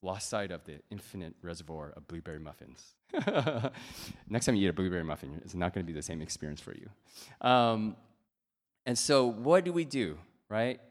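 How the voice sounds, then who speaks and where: Animated male preacher in a reverberant hall. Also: deep voice, normal speed. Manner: animated storytelling, playful, swings between loud and soft. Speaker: pastor. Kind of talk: sermon.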